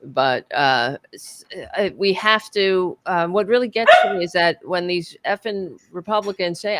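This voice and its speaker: A woman's voice: fairly low pitch, animated, a little slow, few pauses, fairly bright tone, slight background noise. A woman co-hosting a political talk podcast, speaking in an impassioned, profane, rambling way with many fillers. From United States. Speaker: podcast co-host.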